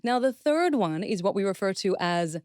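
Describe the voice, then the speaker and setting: A woman's voice: mid-range voice, animated, moderate pace, a little mellow, dry recording, clean studio sound. Earnest woman explaining step by step. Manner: earnest, explanatory, acts out example phrases. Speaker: guest expert. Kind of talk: podcast interview.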